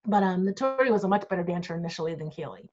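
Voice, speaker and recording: Over dull, lo-fi video call audio, a middle-aged woman who manages a group answers fan questions candidly, bluntly and outspokenly. Her fairly low voice is animated and very fast.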